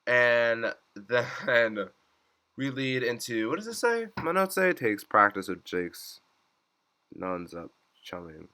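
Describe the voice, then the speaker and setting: A man's voice: mid-range voice, big pitch swings, takes it slowly, pushed and bright. A young man giving a casual episode recap, chatty, leaning on "like" and acting out lines in swooping voices. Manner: chatty, says "like" constantly, acts out quotes in swooping voices. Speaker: reaction vlogger.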